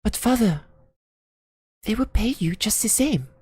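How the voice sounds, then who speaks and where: A woman voicing a naive young daughter who speaks in a high, earnest, pleading way. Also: expressive, a little slow, darkish tone, slightly rough, no room sound, clean studio sound, exaggerated voice. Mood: anxious.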